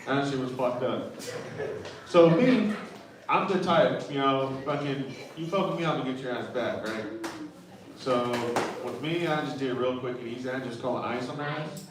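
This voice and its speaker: A man's voice: medium pitch, moderate pace, noisy background. A young man doing stand-up comedy, telling loose, profane stories full of fillers in a club. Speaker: stand-up comic and emcee. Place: comedy club stage with live audience. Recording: very echoey room, far from mic, crowd.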